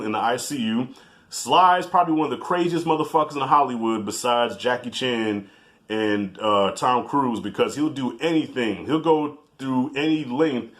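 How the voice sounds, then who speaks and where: A man's voice: medium pitch, fairly bright tone. A man hosting a casual movie review video, talking in a loose, profane, chatty way. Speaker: movie reviewer, channel host.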